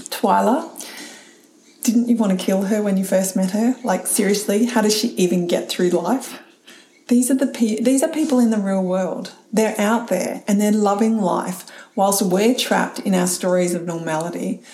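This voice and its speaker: Middle-aged woman, solo podcast host, candid and chatty, warm low-key tone, roomy echo. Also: moderate pace, slight background noise. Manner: candid, chatty, laughs often and swears casually. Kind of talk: reflective solo talk.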